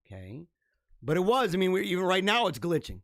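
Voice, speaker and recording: A man hosting his own livestream show, signing off in an energetic, rambling, chatty way, his voice a little hoarse. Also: high-pitched, a little fast, no echo, clean studio sound. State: slightly hoarse. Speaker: podcast host. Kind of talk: casual livestream sign-off.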